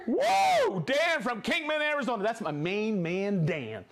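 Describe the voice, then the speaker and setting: Live stream host, male, upbeat reader of viewer shout-outs, high lively voice. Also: normal speed, crowd noise. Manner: upbeat, reads viewer names and places, jokes and laughs. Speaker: livestream host.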